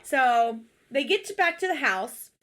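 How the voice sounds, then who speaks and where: A woman with a slightly high voice chats casually as a podcast co-host, recapping a show. She rants in exasperation, swears freely and slips into quick impressions of the people she talks about. It is an unscripted, loose conversation. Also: lively intonation, fairly bright tone. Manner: exasperated, swears often, mimics people in quotes.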